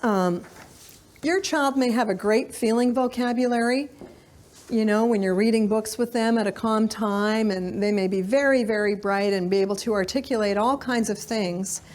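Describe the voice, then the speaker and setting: Middle-aged woman, parenting lecture, slightly high voice, chatty with fillers, speaks to a live audience. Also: normal speed, darkish tone. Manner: conversational, frequent fillers, acts out children's lines.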